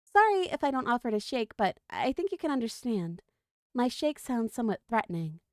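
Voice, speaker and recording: Wry talking snake, male, matter-of-fact, pitched up, woman reading it out, dry sound. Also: sing-song, a little fast, a little mellow, dry recording. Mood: friendly. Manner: matter-of-fact, joking explanations.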